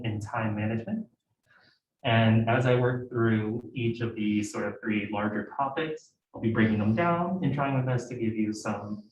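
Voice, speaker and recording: A man's voice: fairly low pitch, a little mellow, slight background noise. Casual young man presenting in an echoey room. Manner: conversational, filler-heavy, self-interrupting. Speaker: guest speaker at student club meeting. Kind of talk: informal presentation. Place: lecture room. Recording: echoey room heard from a distance.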